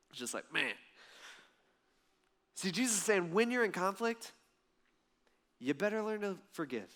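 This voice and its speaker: A male pastor delivers a Sunday sermon with a fairly high voice. He tells the story vividly and jumps into the characters' lines as he goes. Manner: lively storytelling preacher, acts out voices in the parable.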